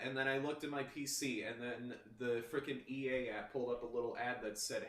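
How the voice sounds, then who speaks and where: A man's voice: medium pitch, fairly even intonation, fast talker. A man chatting casually as a podcast host, telling a rambling story full of restarts and "you know". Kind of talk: casual chat. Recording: roomy, distant mic, faint background noise.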